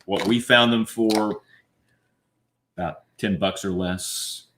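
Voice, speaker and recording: Low, easygoing man, stream co-host reading chat, roomy sound. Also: fairly even intonation, slow pace, fairly bright tone. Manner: easygoing, hesitant with fillers. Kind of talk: casual live-stream chat. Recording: echoey room with faint noise.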